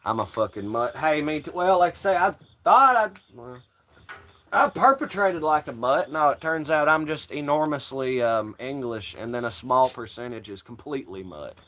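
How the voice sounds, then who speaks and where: A man's voice: medium pitch, a bit bright. An American man rambling casually on a livestream, jokey and profane. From United States. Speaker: livestream host.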